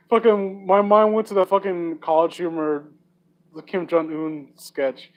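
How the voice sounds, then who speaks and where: A man's voice: high voice, level tone, measured pace, muffled recording. A young man reading fan fiction aloud for laughs, with sarcastic, profane asides. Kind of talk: comedic dramatic reading with commentary.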